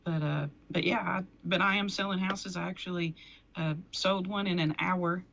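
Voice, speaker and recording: Chatty woman with a gravelly edge. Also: lowish voice, fairly even intonation, normal speed, fairly bright tone, muffled recording. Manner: chatty, laughs often, restarts sentences. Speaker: guest, antiques dealer and auctioneer. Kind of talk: casual interview chat. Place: local TV studio.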